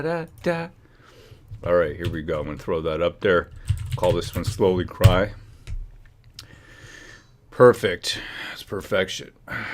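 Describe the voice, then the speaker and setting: A man hosting a casual livestream, joking and teasing, humming and muttering to himself while he works at his computer. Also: deep voice. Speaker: livestream host.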